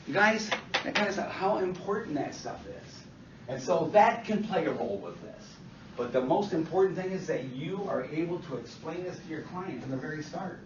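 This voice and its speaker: Guy teaching a class, kinda high voice, keeps hammering his point, sounds far off in an echoey room w a bit of hiss. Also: lively intonation, moderate pace. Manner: emphatic, repeats himself, asks the class questions. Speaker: instructor. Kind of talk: classroom lecture. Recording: distant, echoey, dull classroom recording.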